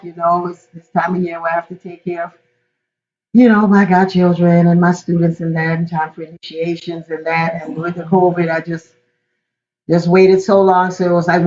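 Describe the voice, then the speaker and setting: Animated woman teaching through a story. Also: on the low side. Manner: animated, acts out the quotes. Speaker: spiritual teacher and godmother. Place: Florida. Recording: dull lo-fi call audio.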